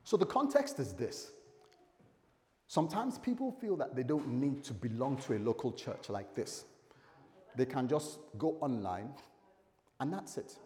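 A man preaching a sermon in a lively, conversational way, his voice sitting at an ordinary middle pitch. He acts out little scenes and slips in light humor. The sound carries a long echo from the church hall. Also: a little slow, long pauses. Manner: animated and chatty, with acted quotes and light humor. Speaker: pastor. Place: church service.

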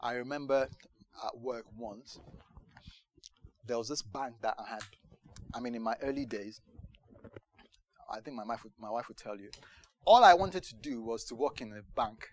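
Guy preaching and telling stories, gets animated, laughs now and then. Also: mid-range voice, moderate pace, pauses often, a little hiss or hum. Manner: animated storytelling, with laughs and acted-out quotes. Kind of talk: sermon with personal story.

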